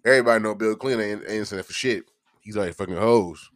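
A man's voice: lowish voice, quick pace, no echo, studio quality. A man hosting a podcast, ranting in a heated, profane and joking way. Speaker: podcast host. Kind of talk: casual podcast rant.

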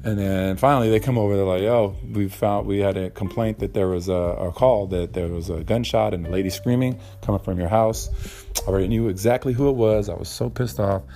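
A man's voice: on the low side, fairly even intonation, brisk, mellow, faint music behind. A young man hosting a casual solo podcast, rambling and swearing freely with lots of ums and uhs. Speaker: podcast host.

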